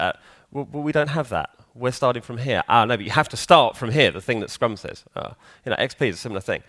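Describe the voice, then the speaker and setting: A man's voice: on the low side, bright, forceful tone. A man giving a live conference talk in a hall, chatty and joking, quizzing the audience. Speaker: conference speaker.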